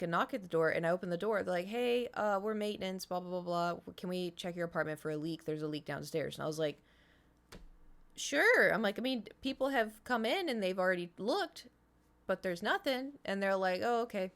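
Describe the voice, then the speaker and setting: A woman's voice: medium pitch, animated, fairly quick. A woman streamer tells rambling stories to her viewers. She acts out noises and drops into whispers for emphasis, and her voice sounds a little worn. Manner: chatty storytelling with sound effects and whispered swearing. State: voice slightly strained. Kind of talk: casual chat to a live stream audience.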